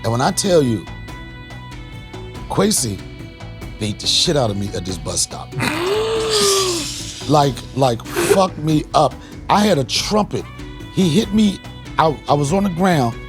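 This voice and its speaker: A man from the Washington, D.C. area tells a comic story as a podcast host. His voice sits a little high and swings widely in pitch. He breaks into loud punchlines and laughter. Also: sing-song, a little slow, pauses often, faint music behind.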